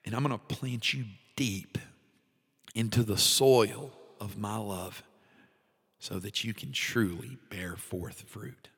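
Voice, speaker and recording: A man voicing God as tender and patient, speaking softly and reassuringly in a devotional story. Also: lowish voice, fairly even intonation, normal speed, breathy edge, big-room sound. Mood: gentle. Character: tender loving male God, gentle and patient.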